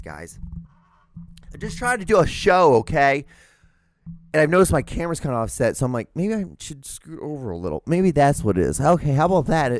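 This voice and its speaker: A man's voice: on the high side, no echo. A man hosting a solo podcast, ranting with lots of swearing and mocking voices, seated at a desk microphone. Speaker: podcast host. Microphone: desk microphone in front of him.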